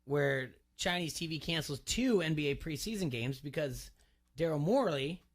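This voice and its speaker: A man's voice: on the high side, expressive, moderate pace. A man co-hosting a sports talk radio show from the studio, talking in a rambling way with many restarts. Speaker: radio co-host.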